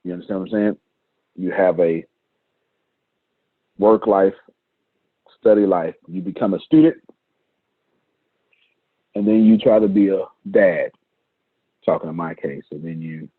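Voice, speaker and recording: Low husky man on a tinny call. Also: moderate pace, pauses often, dry recording. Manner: emphatic, repeats phrases for effect. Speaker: business coach leading a team meeting. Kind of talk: live team meeting talk, coaching. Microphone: video call. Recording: dry, tinny phone-like call audio.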